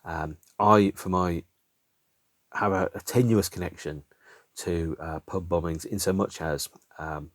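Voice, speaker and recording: A man's voice: sits low, fairly even intonation, measured pace, no room sound. A man in his fifties from Birmingham, England, hosting a podcast in a wry, self-mocking monologue full of asides. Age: 50s. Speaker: podcast host. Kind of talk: casual solo podcast monologue.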